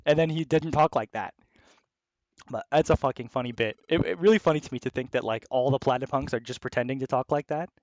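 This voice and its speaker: A man giving casual commentary as he plays a video game, excitable and swearing freely. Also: medium pitch, quick pace, no echo, dull audio. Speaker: let's play host.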